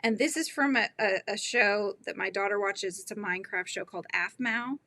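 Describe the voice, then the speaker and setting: A woman's voice: medium pitch, normal speed, pushed and bright. A middle-aged woman hosting a crochet livestream, chatting casually, giggling and reading the chat aloud.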